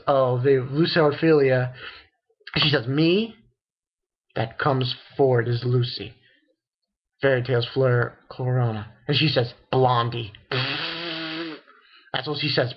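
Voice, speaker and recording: Excitable man recapping a manga, lo-fi. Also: mid-range voice. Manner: excitable, swears, retells dialogue with many restarts. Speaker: manga reviewer. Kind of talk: casual chapter recap.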